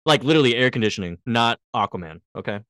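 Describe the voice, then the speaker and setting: A man chats casually on a podcast, recapping a TV episode and slipping into quick voices for the characters. His pitch swings widely as he jokes. The sound is dry and close, with no room behind him. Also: lively intonation, a bit bright, no room sound. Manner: joking, quick impressions of characters. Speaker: podcast co-host.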